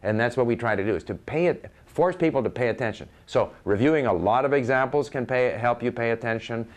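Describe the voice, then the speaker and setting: A man's voice: mid-range voice, brisk. An older man giving conversational advice on learning languages, often restarting his sentences and spelling words out letter by letter.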